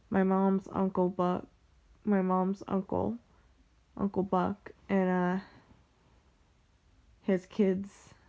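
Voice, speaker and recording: A woman's voice: medium pitch, gravelly, warm tone, dull audio. A young woman with a Western American accent, chatting casually and rambling about her family, saying "like" constantly. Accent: General American, Western US. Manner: rambling, heavy use of "like", frequent restarts. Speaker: vlogger.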